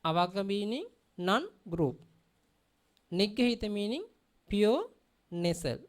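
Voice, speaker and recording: A woman's voice: mid-range voice, lively intonation, slow pace. A woman teaching a language class, drilling pronunciation by repeating words and often checking that her students understand. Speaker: Pali teacher.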